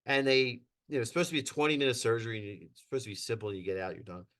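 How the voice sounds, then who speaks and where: Brief: middle-aged man, mid-pitched, animated storyteller who laughs mid-story and acts out voices. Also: racing. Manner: animated, laughs through his stories, acts out quotes. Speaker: podcast guest. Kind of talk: casual storytelling.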